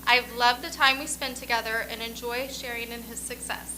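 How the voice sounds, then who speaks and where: A woman's voice: a little high, fairly even intonation, moderate pace, pushed and bright, a little hiss or hum, poor audio. A woman school staff member honoring a student, reading quotes from colleagues and speaking to him in a proud, encouraging way. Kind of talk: ceremony speech reading staff tributes.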